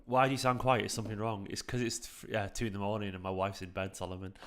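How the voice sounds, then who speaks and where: A man in his thirties hosting a late-night live stream from home into a microphone, talking in a hushed, half-whispered way, with a raspy voice. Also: on the low side, level tone, fast, a little hiss or hum. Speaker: fan channel host streaming a match watchalong. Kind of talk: casual live chat with viewers.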